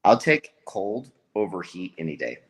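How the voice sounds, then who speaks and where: A young man, a Marine, chatting casually over a voice call with his partner, easygoing and halting, laughing often. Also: low-pitched, big pitch swings, husky.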